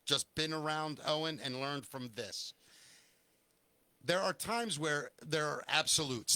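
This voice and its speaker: A man's voice: mid-range voice, bright, forceful tone, no echo. A man hosting a live talk show, speaking earnestly and rambling, often correcting himself mid-sentence.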